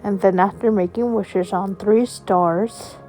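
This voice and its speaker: A woman narrating a children's bedtime story in a slow, gentle storytelling manner. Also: medium pitch, steady tone, faint music behind.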